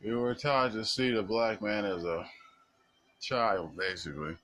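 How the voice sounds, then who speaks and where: A man's voice: on the low side, fairly even intonation, a little slow, fairly bright tone, poor audio. A man giving an impassioned, blunt monologue in casual speech with slang.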